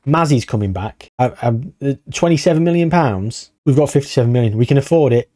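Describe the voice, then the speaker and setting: Wry, chatty man, mellow voice. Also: medium pitch, brisk, few pauses, no room sound, clean studio sound. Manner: chatty, wry and sarcastic, thinking aloud. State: tired. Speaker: gaming YouTuber. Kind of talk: casual game commentary.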